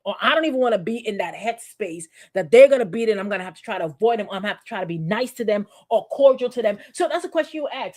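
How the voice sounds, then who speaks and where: A woman's voice: mid-range voice, animated, fast talker, few pauses, darkish tone. A woman pastor giving a conversational sermon, piling up rhetorical questions and calling out to members of the congregation.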